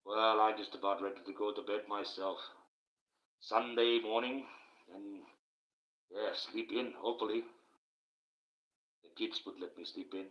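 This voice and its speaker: Low-voiced man rambling on a live stream. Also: steady tone, a little slow, long pauses. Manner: emphatic, opinionated, thanks viewers by name. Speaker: livestream host. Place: at home at night. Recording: roomy, dull lo-fi stream audio.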